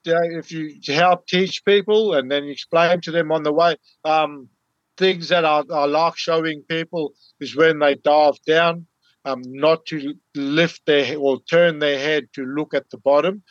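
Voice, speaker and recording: A man talks as a podcast guest, explaining things in a patient, teacherly way. His voice sits a bit on the higher side. The audio is dull and dry, like a remote call. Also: fairly even intonation, unhurried, dry recording. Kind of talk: casual storytelling.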